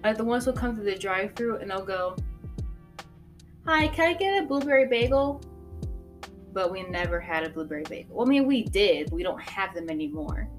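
A woman's voice: mid-range voice, fast, few pauses, soft background music. A woman chatting casually as a podcast host, telling work stories and laughing often. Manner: chatty, laughs often, lots of "like" and "you know". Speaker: podcast host and coffee shop worker. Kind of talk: casual storytelling chat.

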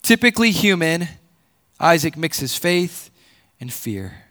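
This pastor's sermon has a slow, sing-song rhythm, and he repeats words as his point takes shape. His delivery rises to loud, emphatic peaks and sinks into quiet lows.

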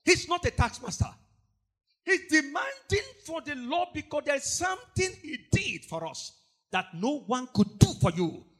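A man preaching an impassioned sermon, repeating phrases, shouting and breaking into song. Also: very high-pitched, big pitch swings, unhurried. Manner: impassioned, repetitive, bursts into shouting and snatches of song.

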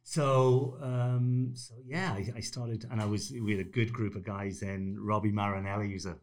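A man's voice: medium pitch, measured pace. A man in his fifties, a podcast guest, telling anecdotes with energy, laughing often and acting out what others said. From Ireland. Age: 50s. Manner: animated storyteller, acts out quotes in raised voices, laughs often. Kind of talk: casual storytelling interview.

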